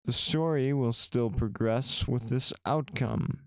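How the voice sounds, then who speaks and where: Male streamer, reads game text aloud, wry asides, smooth voice, dry close sound. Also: mid-range voice, very animated, slow, hardly any pauses, no room sound. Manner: casual, wry asides to chat. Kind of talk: let's-play commentary, reading game text aloud.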